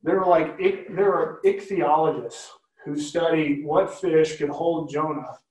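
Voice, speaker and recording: A man's voice: fairly high pitch, steady tone, unhurried, darkish tone. Man teaching scripture in a roomy space. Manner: conversational, asks the listeners questions often. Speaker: Bible teacher. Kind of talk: Bible study teaching. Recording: roomy, from a distance.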